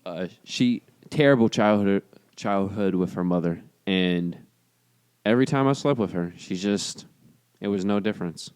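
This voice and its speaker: A man's voice: low-pitched, moderate pace, darkish tone, smooth, no room sound, studio quality. A man co-hosting a casual podcast, explaining a topic earnestly with frequent restarts. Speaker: podcast co-host. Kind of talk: casual chat.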